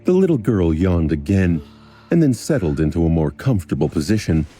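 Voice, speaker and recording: A male narrator reading a fantasy audiobook with a low, husky voice. His tone is dark and mellow, and his delivery is measured and even. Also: soft background music. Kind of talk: scripted narration.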